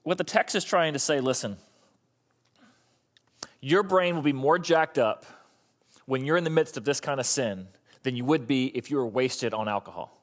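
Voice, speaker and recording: A man in his thirties preaching a sermon, telling the story with animated, acted-out voices. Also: mid-range voice, moderate pace, long pauses. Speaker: pastor.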